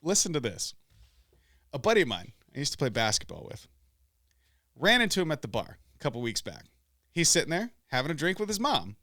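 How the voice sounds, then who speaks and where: A high-pitched man with a bright, sharp voice hosts a casual podcast, loud and profane as he tells a story. His pitch swings widely. The sound is dry and close. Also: huge pitch swings, brisk, pauses often, no echo. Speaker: podcast host.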